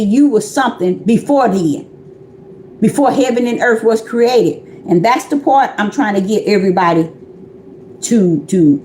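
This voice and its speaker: A woman's voice: a little high, darkish tone, a little hiss or hum. Woman preaching casually in an echoey room. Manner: conversational, repetitive, addresses listeners directly. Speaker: self-described prophetess preaching. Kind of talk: informal livestream sermon.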